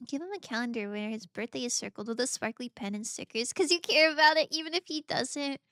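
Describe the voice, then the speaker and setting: A woman's voice: a little high, fast, a bit bright, no room sound, clean studio sound. A woman streamer chatting casually while playing games, bubbly and gushing, laughing often. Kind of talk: casual gaming stream chat.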